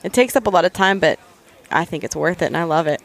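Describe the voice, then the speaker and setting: A woman's voice: fairly low pitch, fast. A young woman, a guest on a podcast, talking casually in an upbeat, chatty way. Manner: chatty, upbeat, laughs often. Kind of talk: casual interview chat.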